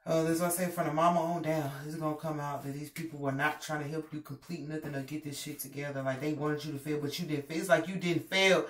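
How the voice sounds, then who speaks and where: A woman giving a casual tarot reading, animated and emphatic, with plenty of profanity. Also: deep voice, fast talker, hardly any pauses. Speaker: tarot reader. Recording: roomy, distant mic, faint noise.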